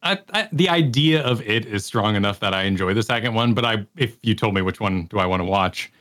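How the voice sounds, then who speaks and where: A man co-hosting a podcast, chatting casually about movies, searching for words and then rattling off quick lists. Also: on the low side, fairly bright tone. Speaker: podcast co-host.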